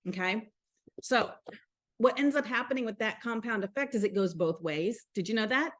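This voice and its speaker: Woman, Southern accent, chatty, upbeat, fairly high voice, motivational live stream host. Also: lively intonation, moderate pace, a bit bright. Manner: chatty, upbeat, talks straight to viewers.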